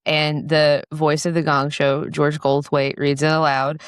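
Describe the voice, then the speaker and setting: A woman's voice: low-pitched, flat delivery, a little slow, clear, resonant tone, dry recording, clean studio sound. A woman author telling a story in casual podcast chat, chatty with lots of fillers. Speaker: author guest.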